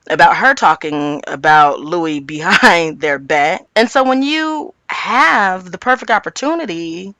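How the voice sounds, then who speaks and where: Animated raspy woman recapping reality TV. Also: no echo. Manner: animated, quotes cast members in big pitch jumps. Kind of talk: casual commentary.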